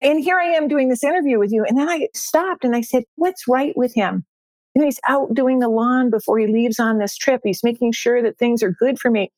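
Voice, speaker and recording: An older woman, a success coach, appears as a guest on a podcast interview, speaking upbeat and emphatically and repeating her key phrases. Her voice is on the high side with a darkish tone, a little fast with few pauses, and there's no echo.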